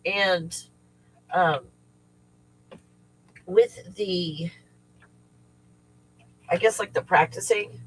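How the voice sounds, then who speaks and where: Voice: medium pitch, a little hiss or hum, rough recording. A middle-aged livestream host who teaches remote viewing, talking casually and at length, rambling and swearing freely while venting. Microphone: livestream setup.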